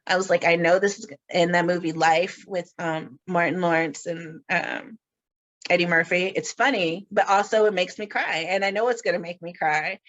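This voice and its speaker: A woman's voice: lowish voice, normal speed. Middle-aged woman host, laughs a lot, chatty, kinda muffled audio. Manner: laughs often, chatty and animated. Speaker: podcast host. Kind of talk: casual chat.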